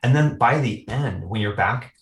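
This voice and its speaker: A man's voice: mid-range voice, lively intonation, normal speed. A man chatting casually about films on a podcast, rambling with lots of fillers and frequent laughs. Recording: roomy echo.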